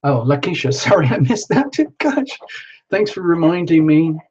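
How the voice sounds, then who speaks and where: A man's voice: fairly high pitch, very animated, moderate pace, a little mellow, breathy edge. A man hosting a live tarot reading stream, chatting casually with viewers and reading out their names. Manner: chatty, self-talking, reads out viewer names. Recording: dull lo-fi sound with faint background noise.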